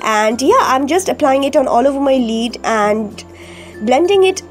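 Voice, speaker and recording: Woman, high voice, groggy from a cold, makeup tutorial voice-over, step-by-step, faint music behind. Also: lively intonation, normal speed. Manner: step-by-step explaining with frequent fillers. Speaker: beauty vlogger.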